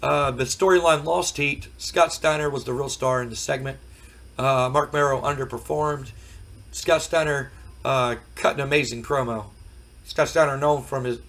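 A hoarse man casually commenting on a wrestling management game, rambling with many fillers. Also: mid-range voice, a bit bright, rough recording. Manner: rambling, frequent fillers, recapping results. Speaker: game streamer. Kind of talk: casual let's play commentary.

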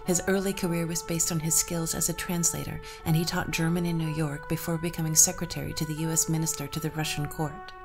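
A woman narrating an old folktale and adding her own commentary, in a measured, even way. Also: sits low, music in the background. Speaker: storyteller and podcast host.

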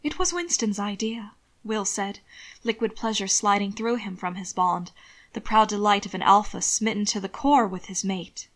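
A woman reading a fan fiction story aloud as narrator, in a calm, measured way. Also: medium pitch. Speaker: audiobook reader.

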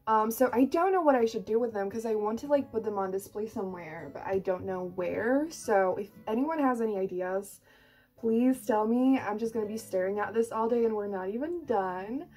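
A young woman in her twenties vlogging an unboxing, gushing and excitable, full of "like" and casual swearing. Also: on the high side, normal speed, soft background music. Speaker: book vlogger and author.

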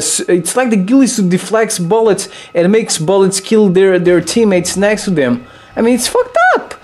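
A young man giving loose, excitable gameplay commentary, swearing freely and jumping into high yelps.

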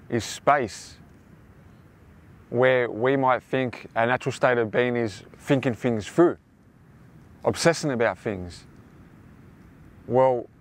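Calling his listeners his friends, a young man with a medium-pitched voice hosts a motivational self-help talk. He tends to ramble and say the same things more than once.

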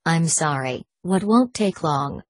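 A woman's voice: deep voice, animated, slow, dry recording, heavily acted. A woman voicing an irritated young male altar boy who answers curtly and grumbles. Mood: grumbling. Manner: curt, grumbling.

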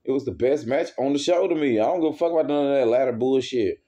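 A man's voice: medium pitch, quick pace, warm tone. Angry man ranting, profane and heated. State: worked up. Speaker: wrestling fan reviewer. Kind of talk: casual rant. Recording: dull lo-fi recording.

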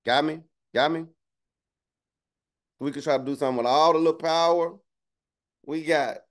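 A man's voice: on the high side, fairly even intonation, normal speed. Man, preacher, casual sermon, conversational, slangy, joking asides. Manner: conversational, keeps asking "right?".

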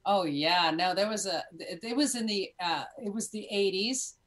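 A Cuban American woman in her fifties, a podcast guest in casual chat, telling animated stories with many restarts. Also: medium pitch, normal speed. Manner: animated storyteller with many restarts and acted-out moments.

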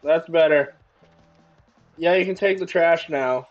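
A man giving excitable, joking commentary while playing a video game, often breaking into exclamations. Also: fairly high pitch, a little slow, lo-fi sound, soft background music. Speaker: gaming YouTuber. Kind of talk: let's-play commentary.

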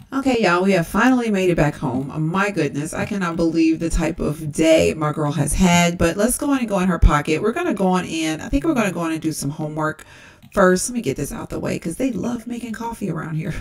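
Chatty woman narrating gameplay. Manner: chatty, addresses viewers as y'all. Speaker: let's-play host. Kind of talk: casual gameplay commentary. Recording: distant low-quality game capture.

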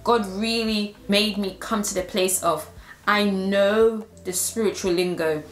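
A woman's voice: medium pitch, steady tone, unhurried, roomy sound, soft background music. A woman and Christian influencer sharing a personal testimony in an earnest, heartfelt way.

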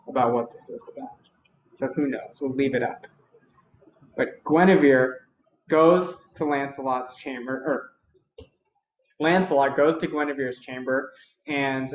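A man's voice: mid-range voice, slight background noise. Reflective man telling an old tale. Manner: reflective, unhurried, thinking aloud. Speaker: storyteller. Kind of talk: spontaneous oral storytelling. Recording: roomy, dull lo-fi recording.

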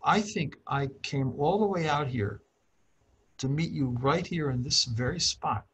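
A middle-aged man, a professor, calmly telling a personal story in a talk, often clearing his throat and restarting his sentences. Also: on the high side, unhurried, low-quality recording. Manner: calm, reflective, frequent throat clearing and restarts. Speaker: professor and author.

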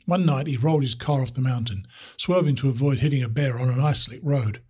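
Husky man reading a story aloud. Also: mid-range voice, darkish tone. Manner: measured, descriptive storytelling.

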